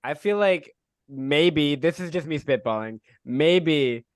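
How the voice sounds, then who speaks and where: A man's voice: a little high, animated, slow pace, no room sound, studio quality. A man playing a tabletop game, talking in a wry, joking way. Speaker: player. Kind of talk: casual tabletop play.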